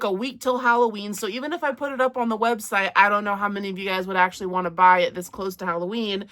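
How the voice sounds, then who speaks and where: A woman's voice: a little high, pushed and bright. A woman chatting casually to camera about her crochet projects, rambling and self-deprecating. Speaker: crochet vlogger.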